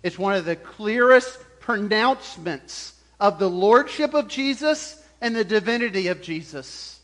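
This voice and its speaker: A man preaching a sermon as pastor, animated, chuckling often and acting out the voices he quotes. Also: high-pitched, a little slow.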